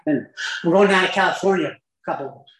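A man's voice: high voice, a little fast. Chuckling storyteller man in a roomy hall. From Utah. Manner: lively, chuckling anecdotal delivery with asides. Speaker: speaker sharing at a recovery meeting. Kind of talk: humorous personal storytelling talk.

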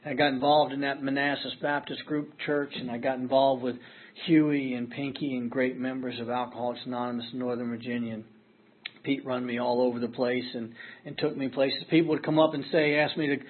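A middle-aged man tells his own story at a recovery meeting, earnest and self-deprecating. His mid-range voice has little pitch movement and a breathy edge, and he talks a little fast. The audio is tinny, like a phone.

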